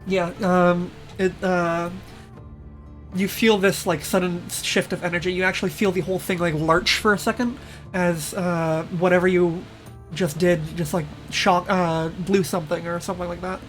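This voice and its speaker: A woman's voice: on the low side, level tone, normal speed, soft background music. A woman as game master, narrating the scene casually with fillers and laughs.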